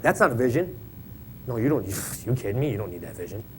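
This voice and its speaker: A man's voice: mid-range voice, sing-song, quick pace, a little hiss or hum, rough recording. A man in his thirties preaching a folksy, joking sermon in a church, often checking in with "right?". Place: church sanctuary.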